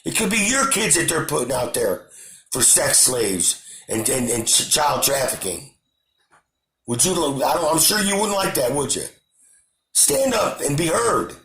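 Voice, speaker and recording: A man's voice: medium pitch, very animated, normal speed, roomy sound. A man hosting his own channel, delivering an impassioned, repetitive political rant to camera. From United States. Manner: impassioned, repetitive, shouting at times. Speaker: channel host.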